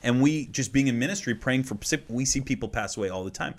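A man in his thirties, a guest minister, sharing a personal story in an earnest, heartfelt way that often drops to a hushed tone. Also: mid-range voice, fast. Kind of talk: conversational storytelling.

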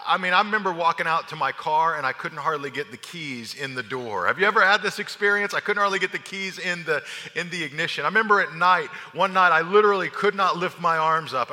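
Bright-voiced pastor preaching in a reverberant hall. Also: male voice, a little high. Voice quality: animated storyteller, acts out his own lines. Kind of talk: sermon with personal story.

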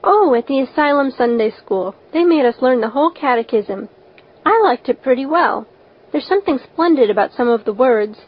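Brief: an eager, chatty, imaginative orphan girl, as a woman reader puts her on. High-ish, dull recording. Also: animated, normal speed, husky. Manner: eager, talkative, dreamy.

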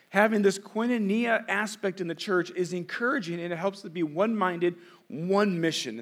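A middle-aged man, a pastor, preaching a conversational sermon full of rhetorical questions. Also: high-pitched.

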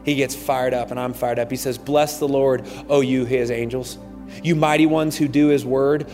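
A man's voice: medium pitch, fairly even intonation, moderate pace, a little mellow, soft background music. A man preaching a sermon as pastor, reading scripture aloud with fervent, rising intensity in a large church auditorium. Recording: long hall reverb.

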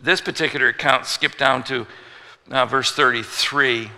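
At medium pitch and a moderate pace, a man preaches a sermon like a pastor in the pulpit, his very bright, forceful voice echoing with long reverb as though filling a big church. His storytelling is lively, full of rhetorical questions and jokey asides.

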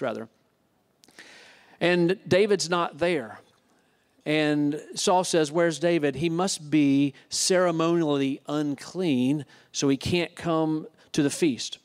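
Man preaching a sermon, slightly high voice. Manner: retells scripture with asides. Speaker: pastor.

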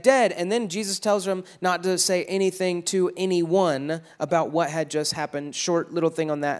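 Male pastor, casual sermon, slightly higher voice, lively delivery with acted-out crowd voices. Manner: conversational, animated, acts out crowd voices.

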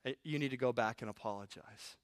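A man speaking as a gentle, fatherly spirit who corrects in a low, hushed murmur. The voice sits close and dry, with no room around it, and every word is soft and patient. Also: fast, no echo, natural voice. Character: gentle fatherly male Holy Spirit mentor.

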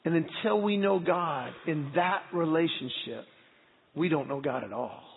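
A middle-aged man, a pastor, preaching a sermon and telling personal stories in a lively, earnest way. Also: fairly high pitch, unhurried, vocal fry. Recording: tinny phone-like sound with long hall reverb.

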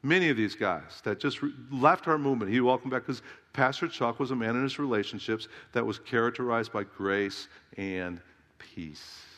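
A man's voice: mid-range voice, moderate pace, fairly bright tone. Emphatic male preacher in a reverberant hall. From Southern California. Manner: emphatic preaching, rhetorical questions to the congregation. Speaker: pastor. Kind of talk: sermon. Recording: long reverb of a large hall.

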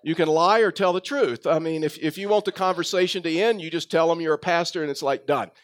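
A man's voice: fairly high pitch, fast. A man preaching a sermon, telling a story with frequent fillers and restarts. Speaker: pastor.

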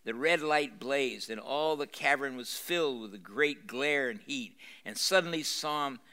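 A man's voice: mid-range voice, a little slow, bright, forceful tone. An older man, a pastor, reading a novel aloud to a live audience in a university room and stopping to explain, with dramatic emphasis and frequent fillers and restarts. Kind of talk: live lecture reading with commentary.

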